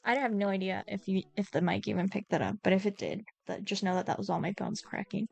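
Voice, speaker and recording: A young woman streaming a dating game, reading the dialogue and breaking off to chat. She is giggly and scattered, hopping between topics at a middling pitch, with faint music playing behind her. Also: expressive, quick pace, vocal fry.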